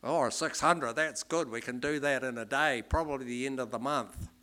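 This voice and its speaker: A man putting on an Australian accent to voice a brisk, matter-of-fact male shearing contractor in a told joke. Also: mid-range voice, bright, forceful tone, lightly acted.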